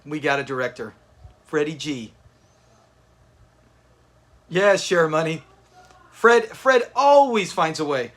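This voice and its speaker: A man's voice: fairly high pitch, expressive, slow pace, pauses often, fairly bright tone. A man hosting a live watch party, chatting with his viewers and laughing often as he reacts to a sitcom episode. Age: adult with kids. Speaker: livestream host.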